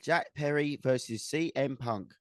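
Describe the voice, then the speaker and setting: A man co-hosting a casual podcast, joking around in an offhand, easygoing way. His voice sits at a medium pitch. The recording is dry with no room echo. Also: unhurried. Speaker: podcast co-host.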